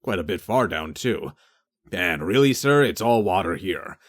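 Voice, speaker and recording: A man reading an audiobook, voicing a dim, literal-minded male sergeant in a low, soft, deadpan voice. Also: unhurried, full character voice.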